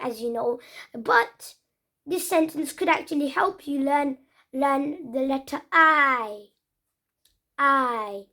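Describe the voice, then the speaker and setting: A young English child leads a homemade pronunciation lesson in a high, bright voice. The delivery is unhurried and earnest, drawing sounds out and repeating them over and over with little restarts along the way. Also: female voice. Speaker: pronunciation trainer. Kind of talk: casual spoken lesson.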